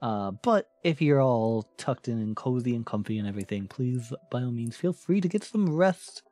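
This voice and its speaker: A man chatting casually on a live stream, playful and quick to laugh, shifting his voice from bright to low. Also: animated, faint music behind.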